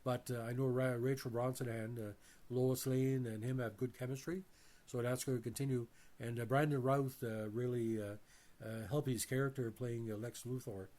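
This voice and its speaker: A man's voice: medium pitch, fairly even intonation, normal speed. A man hosting a movie review channel, reading off a bio and then giving his opinions, with frequent uh fillers and restarts. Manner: addresses viewers as ladies and gentlemen.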